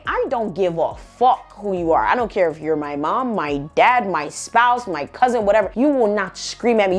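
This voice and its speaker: A woman rants straight to camera on her vlog, blunt and exasperated. Her voice sits at an ordinary middle pitch, and her delivery swings between fast bursts and slow, pointed emphasis. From United States, Haitian family. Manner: blunt, exasperated, profane ranting. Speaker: vlogger. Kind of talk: ranting vlog.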